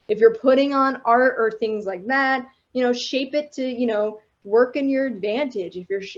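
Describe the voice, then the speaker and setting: Chatty higher-voiced woman guest speaker. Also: darkish tone. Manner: chatty and enthusiastic, laughs between points. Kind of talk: informal talk to students. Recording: dull lo-fi audio.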